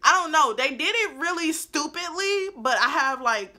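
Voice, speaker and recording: A young woman telling a casual storytime, animated and blunt with plenty of swearing, dropping into low asides and rising into loud outbursts. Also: normal speed. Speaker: beauty vlogger telling a story.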